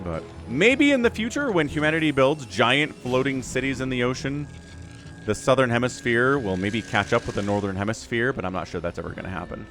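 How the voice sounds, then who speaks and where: A man giving casual esports commentary as caster, chatty and rambling, getting excitable at the action. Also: medium pitch, a little fast, faint music behind. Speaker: game caster.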